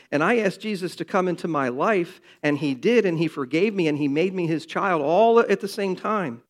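An older man preaching a sermon, earnest and building to emphatic, loud passages. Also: high-pitched. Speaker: pastor.

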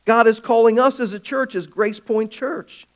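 A man preaching a sermon as pastor of his church, swinging from loud calls to hushed, quiet stretches. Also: very high-pitched, fairly even intonation, normal speed.

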